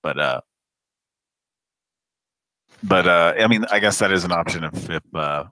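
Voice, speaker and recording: A man's voice: deep voice, a little slow, pushed and bright, no echo, low-quality recording. A man hosting a live prank call show, chatting casually and rambling with lots of fillers and laughs. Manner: rambling, hesitant, laughs often.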